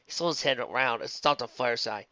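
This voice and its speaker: A woman narrating a fan-written story in a lively, quick storytelling manner. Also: rumbling low, dry recording, lo-fi sound. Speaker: fan fiction reader.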